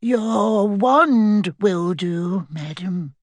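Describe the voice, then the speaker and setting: A reader voicing a nervous old goblin bank clerk, halting and timidly polite in an audiobook-style reading. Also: medium pitch, animated, dry recording, pitched above the performer's own voice.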